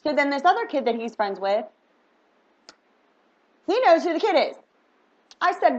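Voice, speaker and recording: A woman's voice: sits high, normal speed, pauses often. Chatty middle-aged woman telling a story. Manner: chatty, animated, full of "like" and "right?". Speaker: vlogger. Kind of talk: casual storytelling. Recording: dull lo-fi recording.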